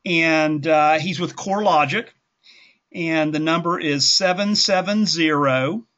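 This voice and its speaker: A man's voice: on the high side, a little slow, fairly bright tone. A man hosting a conversational teaching call, rambling and correcting himself as he goes. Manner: rambling, self-correcting, folksy. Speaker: instructor hosting a group call. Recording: dull lo-fi call audio.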